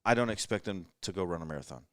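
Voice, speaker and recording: A man in his thirties with a low voice tells self-deprecating stories in a relaxed late-night chat. The sound is close and dry, as if recorded around a table in a rental house. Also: very fast, no room sound. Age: 30s. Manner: self-deprecating storyteller, joking. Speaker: podcast guest shooter. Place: rental house living room.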